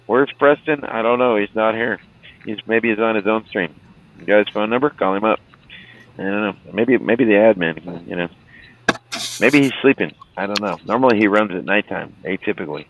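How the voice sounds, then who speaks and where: A man's voice: fairly low pitch, moderate pace. A man hosting a live stream, telling rambling, profane stories in a casual way and laughing at them. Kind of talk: casual storytelling chat. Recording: tinny phone-like sound.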